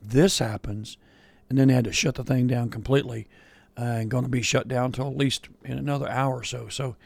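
A man co-hosting a morning radio program talks with a medium-pitched, gravelly voice at a slightly fast, steady clip. His casual on-air chatter is relaxed and folksy, peppered with fillers like "yeah" and "you know."

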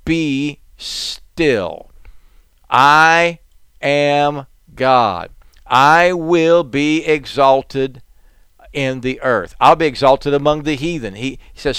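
A man's voice: mid-range voice, slow, fairly bright tone, clear, resonant tone, dry recording. A man preaching a sermon in an earnest, conversational way, with bursts of emphasis.

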